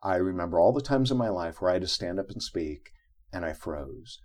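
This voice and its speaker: A middle-aged man appears as an interview guest, telling a personal story in conversation. He speaks fairly quickly in a low voice and animatedly acts out the quotes within his tale.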